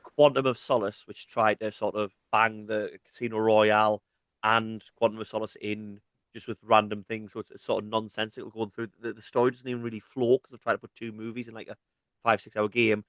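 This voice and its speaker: A man's voice: fairly low pitch, little pitch movement, brisk, a bit bright, dry recording. A man in his thirties with a Mackem accent, co-hosting a casual gaming podcast with jokey, teasing banter. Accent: Mackem (Sunderland). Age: 30s. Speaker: podcast co-host.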